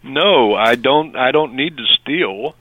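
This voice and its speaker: An older man answering a phone call, gruff and defensive. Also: medium pitch, animated, takes it slowly. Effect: phone line. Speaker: prank call target. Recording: bright dry phone line.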